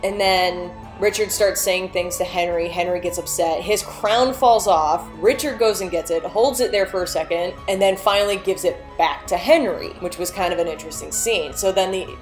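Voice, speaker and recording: A woman casually recapping and reviewing a TV drama, animated and swearing freely as she tells the story. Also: on the low side, normal speed, hardly any pauses, soft background music. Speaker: show reviewer.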